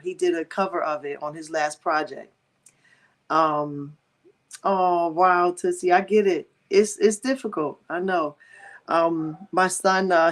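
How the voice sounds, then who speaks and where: Grieving woman speaking softly to viewers. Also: fairly low pitch. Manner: emotional, warm-hearted, prayerful, addressing viewers directly. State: grieving, near tears. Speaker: livestream host. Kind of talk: heartfelt livestream talk.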